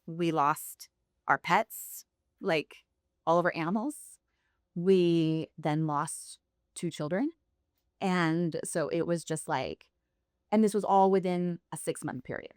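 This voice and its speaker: A woman's voice: on the low side, takes it slowly, a little mellow, clear, resonant tone, no room sound, studio quality. A woman sharing her personal faith testimony as a podcast guest, telling it candidly and laughing often.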